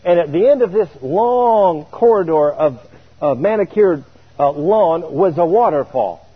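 A man preaching a sermon, telling a story in an animated way and chuckling now and then. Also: a little high, a little slow, husky. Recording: tinny radio broadcast.

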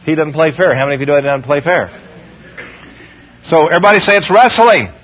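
A man preaching a sermon, leading the congregation in call-and-response and slowing down when he reads scripture. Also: a little high, lively intonation, highs cut off, slight background noise.

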